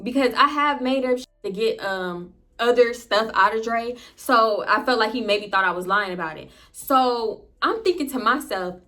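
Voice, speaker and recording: A woman in her twenties telling a dramatic personal story to her viewers in an animated, profane way. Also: a little high, moderate pace. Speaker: vlogger. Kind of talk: storytime narration.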